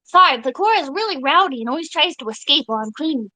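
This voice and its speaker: A young woman live streamer chatting casually with her viewers, excitable and giggly, swearing freely. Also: high voice, fast, no room sound, rough recording.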